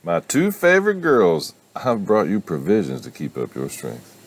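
A man's voice: sits low, wildly swooping pitch, moderate pace, a little hiss or hum, pitched above the performer's own voice, exaggerated voice. A man voicing a motherly older woman with a put-on Southern US accent, sweet but firm as she fusses over everyone. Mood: doting.

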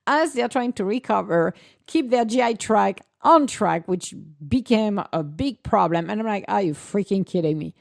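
A woman's voice: medium pitch, lively intonation, normal speed, creaky, no room sound, studio quality. A woman chatting casually in a vlog, telling stories animatedly, with laughter and acted-out quotes. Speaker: vlogger, dog owner. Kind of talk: casual chat.

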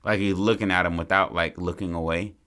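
A man's voice: deep voice, fairly even intonation, fairly quick, pushed and bright. A man co-hosting a podcast, brainstorming a story in casual, rambling, profane chat. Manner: rambling, profane, acts out characters. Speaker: podcast co-host.

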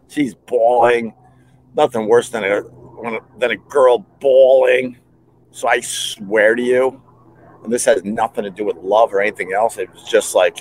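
A man's voice: mid-range voice, steady tone, a little slow, a little hiss or hum. A middle-aged man hosting a podcast, rambling through his own stories, swearing and laughing at himself. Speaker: podcast host, former radio host. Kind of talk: rambling solo storytelling.

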